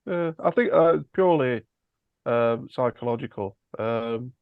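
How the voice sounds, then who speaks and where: A man's voice: medium pitch, lively intonation, a little slow, clear, resonant tone, dry recording, phone-quality sound. A man in a band, chatting casually in an interview with a loose, rambling way of talking and dry, sarcastic humor. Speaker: band member.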